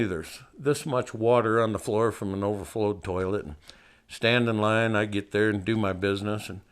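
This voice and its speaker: An older man from Montana telling a personal story in a folksy, wry way, laughing at himself. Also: fairly low pitch.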